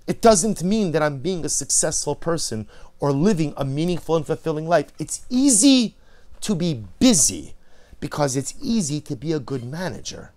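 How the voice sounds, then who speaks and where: A man teaching a Torah class, moving from quiet reflection to loud emphatic repetition. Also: fairly high pitch, animated, moderate pace.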